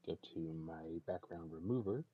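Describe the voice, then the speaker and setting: A man's voice: sits low, dark tone, slightly rough, highs cut off. A man streaming in casual chat, narrating what he is doing and laughing often between remarks.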